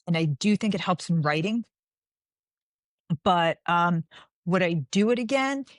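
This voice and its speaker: Lively lower-voiced woman telling stories. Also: measured pace, no room sound, studio quality. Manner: animated storyteller, acts out quoted dialogue. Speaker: guest author. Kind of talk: casual interview chat.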